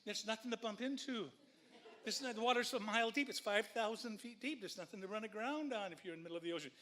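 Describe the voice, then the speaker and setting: A man telling a personal story at a live story slam, animated and conversational, with frequent swearing. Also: high voice, quick pace.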